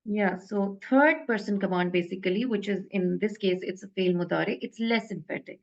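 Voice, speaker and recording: Woman, grammar teacher, casual and hesitant delivery, mid pitch, slightly muffled recording. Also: normal speed. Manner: hesitant, many fillers and self-corrections. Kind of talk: casual online lesson explaining grammar.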